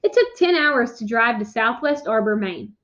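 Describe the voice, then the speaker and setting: A woman reading a children's chapter book aloud to her class, clear and expressive. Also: fairly high pitch, normal speed, highs cut off. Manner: clear, expressive, with raised voices for characters' quotes. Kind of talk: read-aloud storytelling for children.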